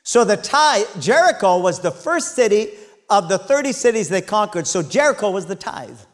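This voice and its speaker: Retelling scripture in a high voice at a moderate pace, a male pastor preaches with animation, shouting and calling on the congregation for amens.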